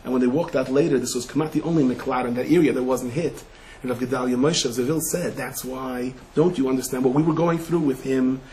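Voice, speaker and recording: A man, a rabbi, giving a Torah lecture full of stories, mixing Hebrew and Yiddish terms into English, dropping to hushed asides and rising to shouted emphasis. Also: medium pitch, steady tone, a little fast, a little hiss or hum, poor audio.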